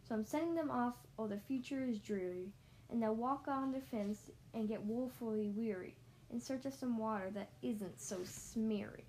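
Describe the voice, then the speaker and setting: A woman's voice: a little high, moderate pace, warm tone, a little hiss or hum, natural voice, low-quality recording. A woman voicing a grumpy small old male forest creature who scolds in snappish rhymes. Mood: scolding.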